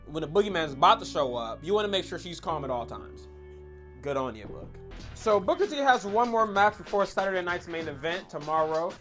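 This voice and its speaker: A woman recapping an old wrestling storyline in a casual, excitable, slang-heavy style, full of swearing. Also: lowish voice. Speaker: wrestling commentary vlogger.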